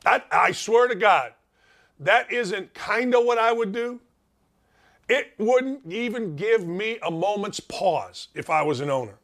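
A man's voice: sits high, expressive, measured pace, a bit bright. A middle-aged man hosting a sports talk show, delivering an emphatic, opinionated monologue full of rhetorical questions.

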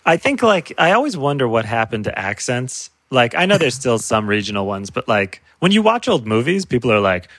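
A man appearing as a comedian guest in casual chat, animated, laughing often and breaking off his own sentences. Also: mid-range voice, brisk, few pauses, no echo.

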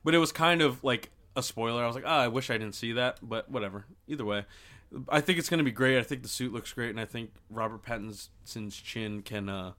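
A man's voice: medium pitch, brisk, a bit bright. A young man co-hosting a podcast, chatting casually, joking and rambling with lots of filler words. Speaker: podcast co-host. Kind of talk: casual chat.

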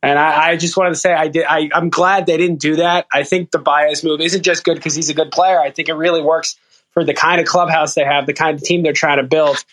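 A man's voice: fairly high pitch, level tone, brisk, a bit bright. A man calling in to a sports talk show, earnest and hesitant, often restarting his sentences. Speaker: caller.

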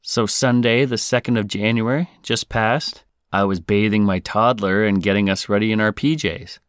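Guy hosting a podcast, lowish voice, playful, reads listener stories, dry close mic. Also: steady tone, moderate pace, clean tone, dry recording. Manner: playful, breaks into singing. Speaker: podcast host. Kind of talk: reading a listener confession on a podcast.

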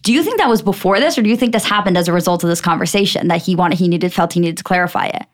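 A woman's voice: fairly low pitch, rapid-fire. A young woman co-hosting a podcast, chatting playfully and joking about herself while recapping a show. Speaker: podcast co-host. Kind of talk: casual chat recapping a TV show.

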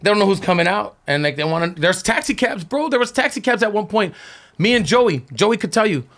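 Guest: gravelly middle-aged man, lively street-story teller. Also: high voice, brisk. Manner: animated, slangy storytelling full of quoted voices. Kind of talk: casual storytelling.

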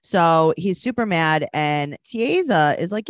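Lively low-voiced woman podcast host. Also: takes it slowly, no echo. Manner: animated, does mocking voices of people. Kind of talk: casual chat recapping TV.

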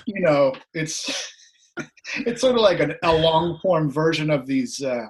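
Animated middle-aged male storyteller, a bit hoarse. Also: on the high side, unhurried, a little hiss or hum. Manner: animated, laughs while telling anecdotes. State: slightly hoarse. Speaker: guest musician. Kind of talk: casual storytelling. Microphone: video call.

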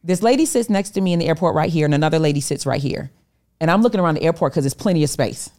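A woman's voice: deep voice, animated, very fast, a little mellow. A middle-aged woman, a podcast guest, telling a personal story animatedly and acting out the voices she quotes. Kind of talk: storytelling interview talk.

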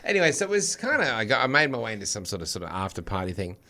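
A middle-aged Australian man with a bright, forceful voice, chatting loosely on a podcast. He tells stories and acts out the people in them as he goes. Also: fairly low pitch, sing-song, very fast. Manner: storytelling, acts out other voices. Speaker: radio host. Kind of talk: casual podcast chat.

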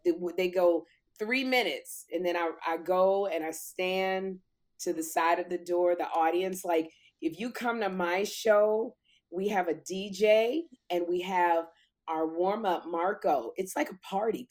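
A middle-aged woman hosting a talk show, chatting casually and animatedly, acting out the voices in her stories and still a little out of breath. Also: on the low side. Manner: animated storyteller, acts out quoted voices. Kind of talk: casual chat.

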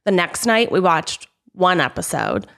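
A young adult woman co-hosting a casual chat podcast, animated and quick to laugh, swearing casually. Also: on the low side, vocal fry. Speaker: podcast co-host.

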